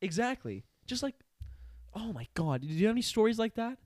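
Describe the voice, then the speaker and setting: A young man in casual chat, telling stories and ranting in quick animated bursts. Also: high-pitched, no room sound, clean studio sound.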